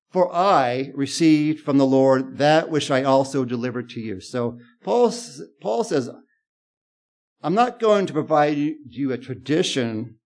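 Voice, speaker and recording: A male pastor giving a conversational sermon to his congregations, growing animated when he quotes scripture. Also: medium pitch.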